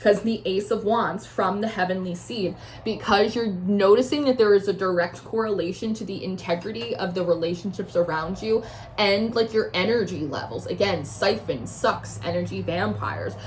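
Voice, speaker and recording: A woman's voice: mid-range voice, moderate pace, slight background noise. A woman giving a casual tarot reading, talking loosely with lots of fillers and acting out feelings with animation. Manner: chatty, many "like" fillers, swears freely; acts out the listener's feelings in a raised, animated voice. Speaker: tarot reader.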